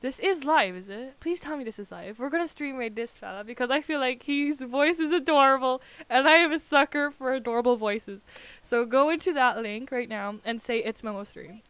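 Brief: young female streamer, high and bright, gushing and excitable, casual live chat. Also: a little fast, hardly any pauses, clear, resonant tone, no echo.

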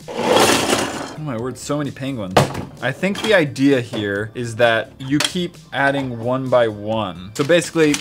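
A man's voice: mid-range voice, background noise. A young man hosting a casual product review, jokey and laughing often. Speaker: host.

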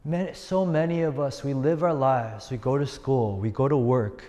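Male youth pastor, mid-pitched, earnest storyteller who hammers points through repetition; reverberant hall. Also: normal speed, dark tone. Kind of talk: sermon.

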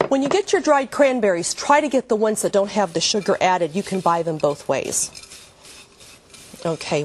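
A woman's voice: medium pitch, darkish tone. An older woman hosting a TV cooking demonstration, talking in a gushing, homey, cheerful way in a kitchen set. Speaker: cooking show host.

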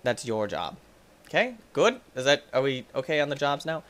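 A young man giving let's play commentary, excitable and quick to get frustrated, yelling at the game between chatty asides to viewers. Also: mid-range voice. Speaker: gaming YouTuber.

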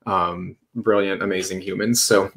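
A man hosting a casual podcast, relaxed, answering viewer questions with plenty of fillers. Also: low voice, moderate pace. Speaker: podcast host. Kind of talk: casual chat.

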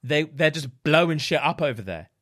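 A man's voice: on the high side, lively intonation, normal speed, a bit bright. A young man co-hosting a podcast, improvising a comic skit with slangy, laughing storytelling. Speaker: podcast co-host.

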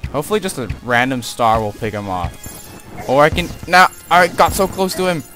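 A young man commenting on his own gameplay as he plays, muttering to himself and yelling taunts at enemies. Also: a little high, lively intonation, moderate pace. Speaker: let's play gamer. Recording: game music loud behind the voice.

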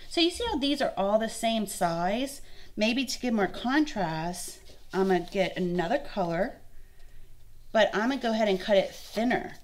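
A woman's voice: mid-range voice, expressive, moderate pace. A young woman, an art instructor giving a friendly, encouraging lesson and thinking aloud as she works. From Louisiana. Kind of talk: kids' art lesson demonstration.

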